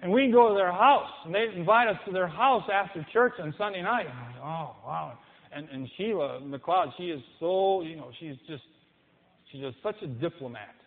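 A man preaching a sermon with passion, acting out the people he quotes. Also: high-pitched. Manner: impassioned, mimics people in quoted voices. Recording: echoey hall, tinny phone-like sound.

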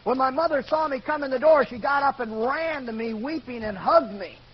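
A man's voice: very high voice, a little fast, husky. Older man preaching his life story. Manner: earnest storytelling, rises to shouting when quoting. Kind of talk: sermon testimony. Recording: dull lo-fi recording with faint noise.

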